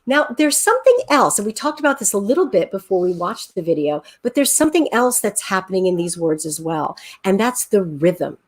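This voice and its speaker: Leading an online lesson by video call with her screen shared, this female teacher counts out loud and taps rhythms, full of encouragement and enthusiasm. Her medium-pitched voice swings widely in pitch, and she speaks a little fast with few pauses.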